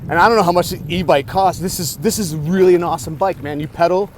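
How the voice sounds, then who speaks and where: A man's voice: high-pitched, quick pace. Rambling, profane man outdoors in the city. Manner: rambling, profane, self-talk with restarts. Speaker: vlogger. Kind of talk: casual storytelling vlog. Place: outdoors in a city on a bike ride. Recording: outdoor city noise behind.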